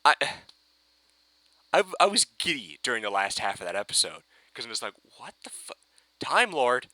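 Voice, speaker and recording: A man rants through a fan reaction video, his voice leaping all over the place and sounding very bright and sharp. He swears freely and bursts into gleeful shouts, recorded close and dry with no room sound. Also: mid-range voice, sing-song, moderate pace, dry recording. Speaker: fan reviewer. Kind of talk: excited reaction vlog.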